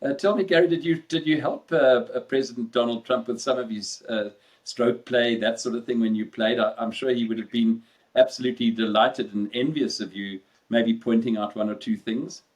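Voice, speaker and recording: Male interviewer, halting questions. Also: mid-range voice, darkish tone. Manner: hesitant questions with fillers. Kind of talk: conversational interview.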